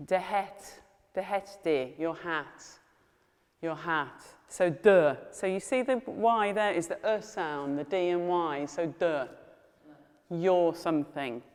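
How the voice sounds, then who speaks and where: Woman, Welsh tutor, low-ish voice, repeats words for learners, reverberant hall. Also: clear, resonant tone. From England. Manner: patient, repeats words slowly and invites learners to say them back. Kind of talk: teaching Welsh pronunciation to learners.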